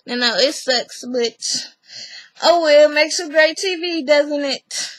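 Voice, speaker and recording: A woman chatting casually to camera as she recaps a TV episode. Her voice sits high and bright, and she acts out each person's lines with animated energy. She laughs often along the way. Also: slow pace, no room sound, poor audio. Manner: animated storyteller who acts out other people's lines. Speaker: vlogger recapping a reality TV episode.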